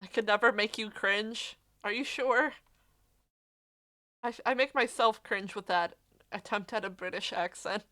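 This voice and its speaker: A woman's voice: medium pitch, a little slow, bright, forceful tone. A woman streaming a game, chatting casually with her viewers and swearing freely. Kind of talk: casual live-stream chat.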